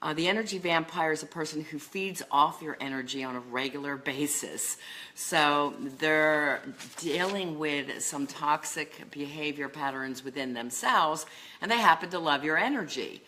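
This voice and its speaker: A middle-aged woman who coaches on life and love speaks earnestly to camera about relationships, using lists and filler words. She has a low voice, a sharp tone and a moderate pace.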